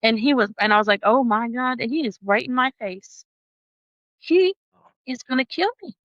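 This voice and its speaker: A woman who is a podcast guest, telling a personal story in an animated way, often laughing and acting out the voices of other people. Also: a little high, normal speed, no echo, muffled recording.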